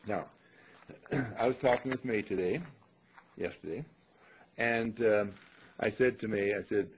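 An older man giving a rambling, folksy spoken reflection, repeating phrases and clearing his throat now and then. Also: fairly low pitch, unhurried, pauses often. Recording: dull lo-fi recording.

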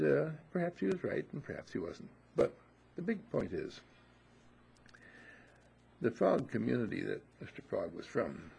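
A man's voice: fairly low pitch, vocal fry, a little hiss or hum. A man giving an inspirational talk, telling a folksy parable with plenty of fillers. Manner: lively, folksy storytelling with fillers. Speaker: inspirational speaker.

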